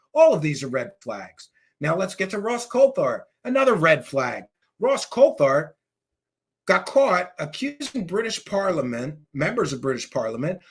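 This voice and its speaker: A man hosts a heated commentary rant, sarcastic and scornful, sometimes raising his voice to a shout. His voice sits high and bright, with a gravelly, husky edge. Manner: angry, mocking, sarcastic, shouts at times. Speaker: host. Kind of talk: ranting commentary.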